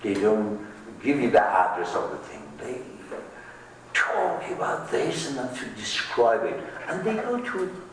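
Slow, lively-voiced man lecturing in an echoey room. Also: on the low side, recorded from a distance, a little hiss or hum. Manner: slow, thoughtful, with many pauses and questions to the class. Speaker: teacher of Rumi's poetry. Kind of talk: lecture to a class.

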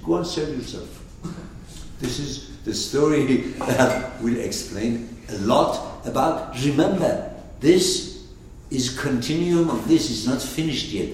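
A man teaching through an animated story, asking his listeners questions, in an echoey room from a distance. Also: medium pitch, slight background noise. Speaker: teacher of a spiritual lesson. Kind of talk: storytelling lesson. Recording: echoey room, far from mic.

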